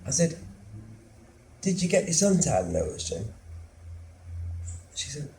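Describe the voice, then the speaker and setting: An actor playing a lonely, anxious middle-aged son who lives with his mother, telling his story slowly and drily in a theatre monologue. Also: a little high, very animated, vocal fry, darkish tone, full character voice. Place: theatre stage. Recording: roomy theatre sound, faint hum.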